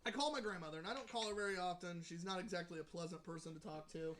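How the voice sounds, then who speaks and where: A man's voice: high-pitched, quick pace, background noise. A man co-hosting a podcast with friends tells a long story in a casual, chatty way. He swears freely and often breaks into laughter as he goes. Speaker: podcast co-host. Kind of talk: casual chat.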